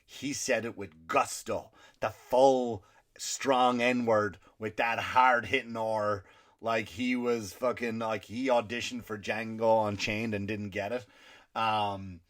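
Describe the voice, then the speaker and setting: A man's voice: medium pitch, a little slow, fairly bright tone. A male comedian hosting his podcast, telling a rambling, profane story with indignant asides.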